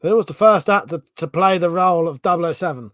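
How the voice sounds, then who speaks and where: A man's voice: a little high, fast talker, fairly bright tone, no room sound. Sweary Home Counties man live-streaming. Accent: Home Counties English. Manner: swears freely, reads out chat questions, thinks aloud. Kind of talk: casual live-stream chat.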